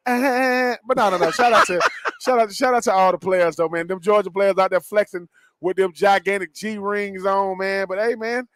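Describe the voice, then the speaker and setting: Man, higher voice, dry close sound, animated slangy sports talk, repeats himself playfully. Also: moderate pace, dry recording. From Southern US. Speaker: co-host and former player.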